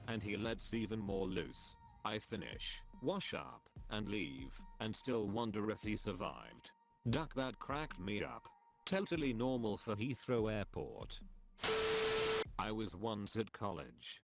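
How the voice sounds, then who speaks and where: Low-voiced man reading forum stories. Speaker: narrator reading online posts.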